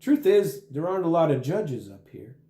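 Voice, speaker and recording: A man voicing Saint Peter as a flat, unbothered gatekeeper in a spoken joke, recorded in an echoey room. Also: fairly high pitch, normal speed. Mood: deadpan. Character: Saint Peter, old male heavenly gatekeeper, dryly unbothered.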